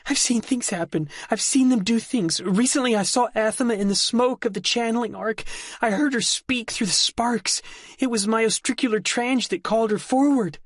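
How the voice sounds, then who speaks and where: A man voicing a frightened, tearful young woman in an audiobook, talking in breathless, rushed pleas. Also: very high-pitched, no room sound, clean studio sound, voice pushed up. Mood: frantic. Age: young adult. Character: young woman, frightened alien-liaison girl. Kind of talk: audiobook character voice.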